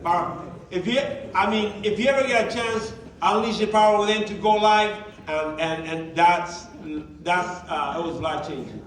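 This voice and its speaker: High-voiced man giving a motivational talk. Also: normal speed. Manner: conversational and emphatic, with many rhetorical questions. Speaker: workshop presenter. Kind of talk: motivational talk to a live group. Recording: echoey room, mic at a distance.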